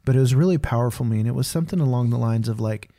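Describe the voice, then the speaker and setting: A candid man talks through his thoughts on a podcast in a mellow, warm voice. He rambles and leans heavily on casual fillers. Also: mid-range voice, racing. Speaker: podcast co-host. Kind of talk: casual faith conversation.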